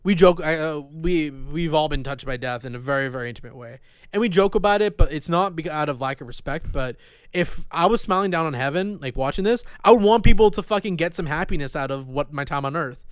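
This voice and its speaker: A young man co-hosting a crude podcast chat, rambling and swearing, with sudden loud outbursts and trailing mumbles. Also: fairly high pitch, expressive, brisk, clean tone, no echo. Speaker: podcast co-host. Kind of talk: crude casual podcast banter.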